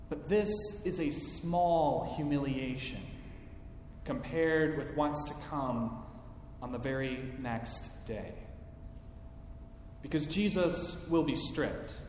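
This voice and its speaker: A male pastor preaching at an unhurried pace, pausing for dramatic effect, his voice sitting a little high. The sound bounces around a large hall with long reverb and a faint rumble. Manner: slow, deliberate, dramatic pauses. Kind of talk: sermon.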